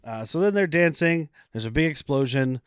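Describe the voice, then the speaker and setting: A man's voice: a little high, expressive, normal speed, clean tone, no echo, clean studio sound. A man co-hosting a podcast, retelling a movie's plot in a rambling, joking way. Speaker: podcast co-host. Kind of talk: casual comedic movie recap.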